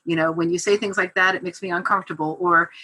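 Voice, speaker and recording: Bright, husky-voiced chatty woman. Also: fairly low pitch, quick pace, rough recording. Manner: chatty, animated storyteller with lots of fillers. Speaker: guest copywriter. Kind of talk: casual podcast interview.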